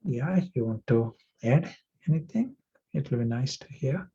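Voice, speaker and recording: A male spiritual teacher giving a class, reflective and gentle, telling a parable and asking his listeners questions. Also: mid-range voice, animated, moderate pace, husky. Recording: muffled lo-fi recording.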